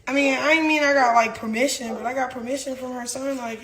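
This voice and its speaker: A young woman with a high voice tears through a heated, swear-filled story. She acts out what others said as she goes, recorded in an echoey room with a faint hiss behind her. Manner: profane, rapid, animated, acts out quotes. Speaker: reality star telling her side.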